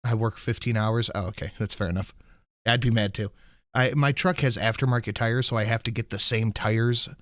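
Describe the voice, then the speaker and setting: A man hosting a podcast, telling an angry story full of swearing and quoting himself loudly. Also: on the low side, fairly even intonation, brisk, no echo, clean studio sound. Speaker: podcast host. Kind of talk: casual ranting chat.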